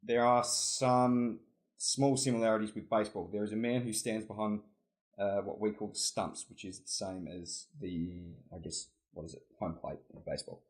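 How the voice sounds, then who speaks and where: Low-voiced Australian man, easygoing. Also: fairly even intonation, moderate pace. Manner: easygoing, rambling, laughs often. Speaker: podcast guest. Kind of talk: casual chat.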